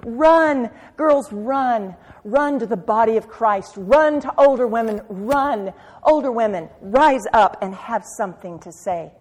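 A middle-aged woman preaching to women, moving from soft confiding asides to urgent exhortation. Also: a little high, animated, a little slow. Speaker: women's Bible teacher. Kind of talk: sermon. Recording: long hall reverb.

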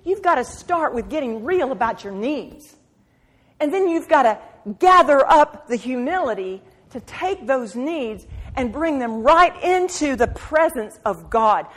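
A woman preaching a sermon at a women's meeting, impassioned, swinging from quiet asides to loud cries and repeating phrases for emphasis. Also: high voice, big pitch swings, unhurried. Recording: long hall reverb.

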